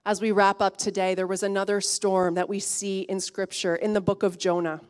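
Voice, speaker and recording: A woman preaching a sermon in an earnest way, rising to emphatic peaks and then dropping soft. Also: mid-range voice, flat delivery, moderate pace, clean tone.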